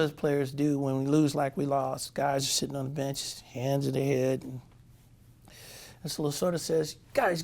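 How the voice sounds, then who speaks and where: A man in his sixties, a former pitcher, telling a lively anecdote as a guest. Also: creaky. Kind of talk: storytelling anecdote.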